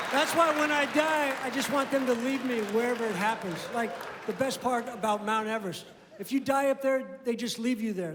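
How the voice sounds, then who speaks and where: A man doing a stand-up comedy set on stage, with dry, deadpan delivery and acted-out dialogue. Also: very high-pitched, very noisy. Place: comedy venue stage before a live audience. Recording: roomy hall reverb, audible crowd laughter. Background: audience laughing.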